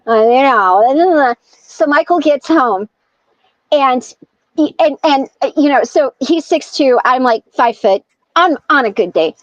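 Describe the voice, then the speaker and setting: A woman with a high voice tells a story in a lively, chatty way and acts out each person's lines. Her voice sounds dry and close, with a slightly dull, lo-fi quality. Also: dry recording. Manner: animated storyteller acting out quoted dialogue. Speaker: podcast guest. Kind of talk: casual storytelling.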